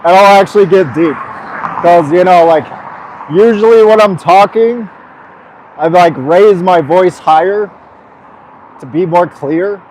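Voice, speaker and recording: A man's voice: sits high, measured pace, long pauses, a little mellow, rough recording. A young man live-streaming as he walks outdoors along a busy road, talking to his chat in a hyper, swearing, joking way. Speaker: vlogger streaming a long walk. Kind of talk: casual live-stream chat while walking. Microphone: streaming mic carried while walking. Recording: faint street traffic noise. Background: traffic noise.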